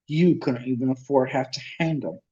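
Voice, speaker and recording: A man's voice: mid-range voice, moderate pace, warm tone, natural voice. A man voicing a spiteful rich schoolboy bully with a sneering manner on a dull lo-fi recording.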